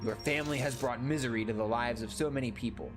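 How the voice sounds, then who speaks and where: A man voicing an inhuman monster in a horror game, speaking slowly and solemnly with threats. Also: medium pitch, music in the background, close to an everyday voice. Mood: menacing. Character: slow, menacing toilet monster from the depths.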